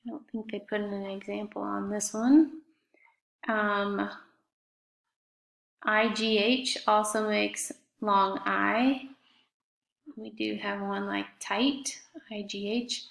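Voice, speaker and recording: A woman's voice: mid-range voice, flat delivery, slow pace, vocal fry, long pauses, a bit bright. A woman teaching a fifth grade class in a recorded remote lesson, speaking patiently and spelling out words letter by letter. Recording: echoey room.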